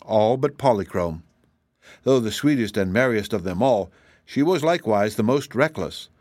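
A man giving measured, gentle scripted storybook narration as an audiobook reader. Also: lowish voice, expressive, no echo.

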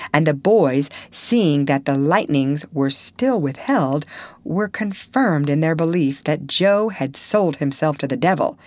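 A woman reading a classic novel aloud in measured, expressive audiobook narration. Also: deep voice, dry recording. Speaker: audiobook reader.

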